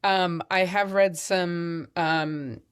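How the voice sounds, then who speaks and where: A woman co-hosting a podcast in casual chat, chatty and quick to laugh. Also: on the low side, steady tone, clear, resonant tone. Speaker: podcast co-host.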